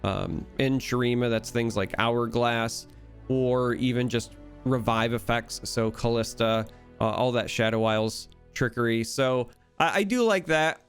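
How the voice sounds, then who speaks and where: Enthusiastic Midwestern American man, smooth voice. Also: medium pitch, measured pace, faint music behind. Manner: enthusiastic, chatty, analytical. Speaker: card game content creator. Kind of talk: casual solo commentary.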